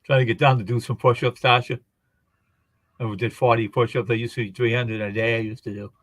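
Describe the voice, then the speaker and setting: A man's voice: medium pitch, fairly even intonation, a little fast, fairly bright tone, no echo. A man chatting casually, telling rambling everyday anecdotes as a guest on a live stream. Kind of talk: casual chat.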